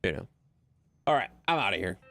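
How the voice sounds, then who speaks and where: A man's voice: low-pitched, very animated, a little fast, creaky, sharp tone, faint music behind. A man streaming a game late at night, chatting loosely with viewers and his dog and swearing freely. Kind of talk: casual livestream gameplay commentary.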